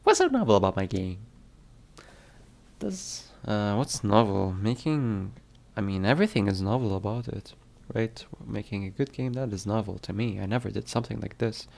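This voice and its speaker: A man's voice: lowish voice, normal speed, vocal fry, darkish tone. A man streaming casually as he works on his game, reading questions aloud and musing over the answers. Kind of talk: casual live-stream chat.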